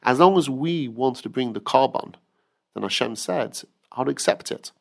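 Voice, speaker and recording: A man's voice: medium pitch, expressive, normal speed, gravelly. A man giving an earnest weekly Torah talk who tells stories and acts out the quotes. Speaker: rabbi teacher.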